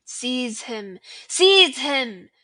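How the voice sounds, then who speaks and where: A young woman voicing a cruel male dark wizard who screeches urgent commands. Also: a little high, fairly even intonation, drawn-out words, dry recording. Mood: shrieking.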